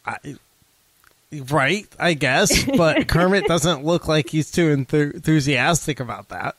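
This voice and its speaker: A man's voice: a little high, expressive, a little slow, fairly bright tone, no room sound. A young man co-hosting a casual podcast, talking things through with hesitant restarts and fillers. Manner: hesitant, restarts and fillers while reasoning aloud. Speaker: podcast co-host.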